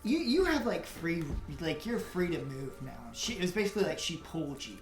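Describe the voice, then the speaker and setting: A woman's voice: fairly low pitch, sing-song, brisk, soft background music. A woman narrating a tabletop game as game master in a casual, laughing way. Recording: echoey room.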